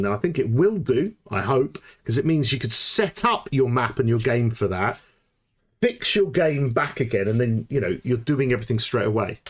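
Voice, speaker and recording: A man hosting a live gameplay tutorial, thinking aloud and getting excited as he works things out, often restarting sentences. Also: mid-range voice. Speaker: tutorial host.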